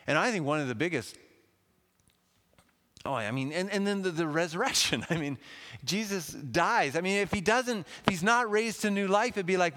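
A man preaching a sermon in a lively, conversational way, with asides to the congregation. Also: high voice, moderate pace. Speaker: pastor. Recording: long hall reverb.

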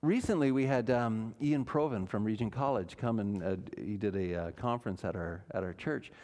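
A man's voice: lowish voice, moderate pace, darkish tone. A man, a pastor, preaching a sermon in church, earnest and emphatic, asking his listeners questions.

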